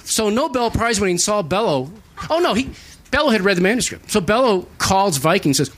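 A man on a writers' panel, animated and swearing freely as he tells stories. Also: high voice, a little fast. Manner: animated, profane, storytelling. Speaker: author on a panel. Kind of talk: panel discussion.

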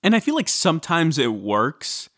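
A man co-hosting a podcast, chiming in with quick, joking comments in casual chat. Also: on the high side, huge pitch swings, fairly bright tone, dry recording, clean studio sound. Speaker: podcast co-host.

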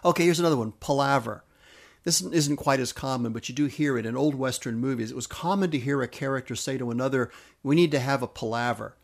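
Man, gravelly voice, mid-pitched, podcast host, explaining word origins, enthusiastic, spells words out. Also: fast talker, hardly any pauses.

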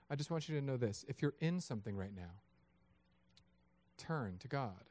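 Pastor in his thirties delivering a sermon, mid-pitched and animated, dry close-miked sound. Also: a little fast, pauses often, no echo. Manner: animated, acts out voices of God and people.

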